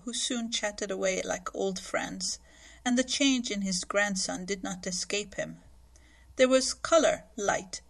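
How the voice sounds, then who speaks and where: A woman reading a classic novel aloud as a podcast narrator, with steady, clear storytelling. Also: medium pitch. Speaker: audiobook reader. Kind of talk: scripted narration.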